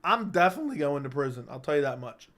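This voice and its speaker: A man's voice: a little high, sing-song, fast, fairly bright tone. A young man hosting a live-stream chat, rambling and joking as he reads viewer comments aloud.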